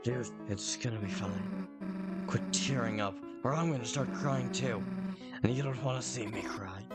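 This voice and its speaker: A man voicing a brash, tough teenage monster girl in a video game, talking bluntly and fast, pitched above his own voice. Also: animated, loud music behind the voice, close to an everyday voice. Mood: awkward. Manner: blunt, quick and gruff.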